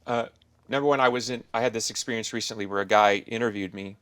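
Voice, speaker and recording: A man's voice: lowish voice, fairly even intonation, fast, fairly bright tone, smooth. A middle-aged man hosting a podcast, talking in a thoughtful, rambling, musing way. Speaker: podcast host. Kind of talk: casual interview chat.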